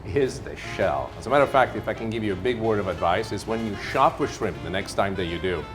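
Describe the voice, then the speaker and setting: A man's voice: lowish voice, animated, a little fast. A middle-aged man with an Italian accent hosting a cooking demonstration in a TV kitchen, talking in a playful, theatrical, self-mocking way. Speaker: TV chef host. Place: TV kitchen set. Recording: music playing under the voice.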